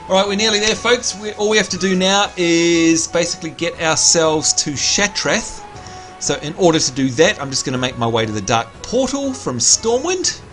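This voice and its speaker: A man livestreaming a video game, chatting casually, reading out viewer messages and giving shout-outs, with excitable bursts while he plays. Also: on the high side, normal speed, faint music behind.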